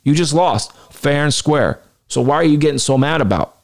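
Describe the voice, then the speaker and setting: A man's voice: on the high side, lively intonation, normal speed, creaky. A man acting out an exasperated wrestling official. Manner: incredulous, scolding.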